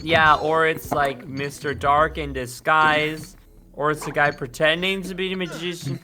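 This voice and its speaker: A man's voice: on the high side, fairly even intonation, a little slow, sharp tone. A man streaming a game, chatting casually in a rambling way and swearing freely. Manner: rambling, swears freely, trails off mid-thought. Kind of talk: casual chat over gameplay. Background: game music.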